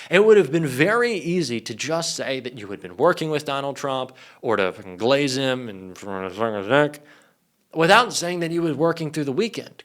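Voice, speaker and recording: A male political commentator in sarcastic, profane reaction mode. His pitch moves widely as he mocks his subject, at an ordinary middle pitch. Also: a bit bright.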